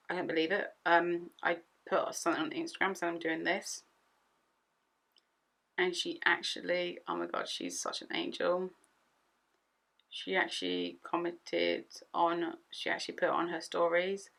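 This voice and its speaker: A young woman chatting through a makeup tutorial at home, excitable and rambling, often repeating herself. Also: fairly low pitch, gravelly. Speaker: beauty vlogger.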